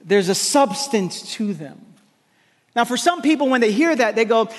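A man preaching a sermon to a congregation, emphatic and repetitive, with quick asides to the crowd. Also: very high voice, animated, long reverb tail. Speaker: pastor. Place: large church hall with congregation.

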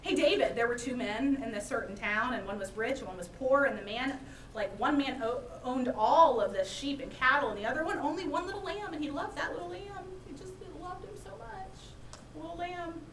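A woman's voice: fairly high pitch, expressive, brisk, fairly bright tone, roomy sound, recorded from a distance, a little hiss or hum. A woman acting out a prophet who rebukes a king, emphatic and without drama. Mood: storytelling. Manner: emphatic, unemotional. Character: calm, emphatic prophet confronting a king, man.

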